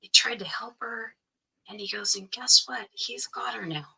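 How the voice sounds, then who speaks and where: A woman's voice: a little high, moderate pace, creaky, bright, forceful tone, husky, rough recording. A woman guest recounting a personal story in an interview, earnestly quoting what others said to her. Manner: earnest, quotes others' speech as she tells it.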